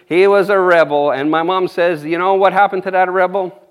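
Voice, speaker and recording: A man's voice: high voice, steady tone, brisk, clear, resonant tone. A man preaching an informal sermon, rambling and folksy, with frequent amens and chuckles.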